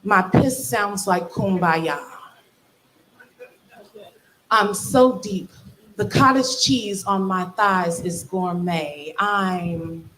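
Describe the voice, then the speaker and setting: A woman in her forties performing spoken word poetry live into a stage microphone, with emphatic, measured phrasing and long dramatic pauses. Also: fairly low pitch, a bit bright, a little hiss or hum. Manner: mock-solemn, comic exaggeration.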